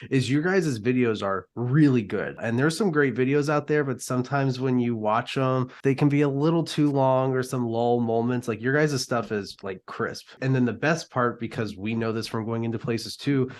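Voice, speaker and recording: A man's voice: medium pitch, moderate pace, hardly any pauses. A man hosting a podcast, asking questions in casual, eager and earnest chat with lots of fillers. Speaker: podcast host.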